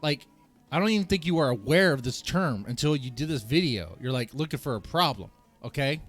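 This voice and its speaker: A man streaming a video reaction, ranting and swearing in a heated, animated way and laughing at himself. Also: medium pitch, fairly quick, soft background music.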